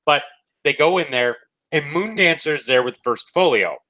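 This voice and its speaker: A man co-hosting a casual review chat, laughing often and retelling scenes in quick quoted snippets. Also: on the high side, animated, pushed and bright, low-quality recording. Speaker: co-host of a cartoon review show.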